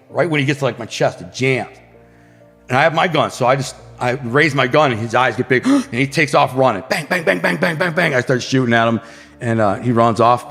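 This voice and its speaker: American man telling wild stories, echoey. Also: mid-range voice. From Detroit area, USA. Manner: animated, acts out gunshots and quotes. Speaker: podcast guest. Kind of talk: casual crime storytelling.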